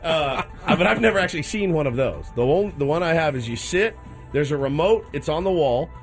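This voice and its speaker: A man's voice: fairly high pitch, animated, fairly quick, faint music behind. A male radio show co-host in casual studio banter, joking and laughing often.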